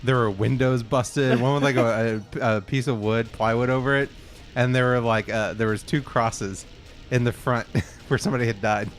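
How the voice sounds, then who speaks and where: A man hosting a casual podcast, chatting loosely and rambling through stories with a laugh. His voice sits at an ordinary middle pitch. Faint music plays underneath. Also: fairly even intonation, moderate pace. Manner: rambling anecdotes, laughing, swearing. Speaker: podcast host. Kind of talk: casual chat.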